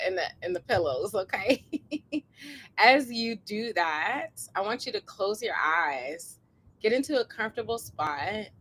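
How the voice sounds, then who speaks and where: Gentle woman guiding a body scan. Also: medium pitch, a little hiss or hum, low-quality recording. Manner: gentle, encouraging, slow guiding cadence with soft laughs. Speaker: coach hosting a co-planning session. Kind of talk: guided body scan meditation. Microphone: live online session.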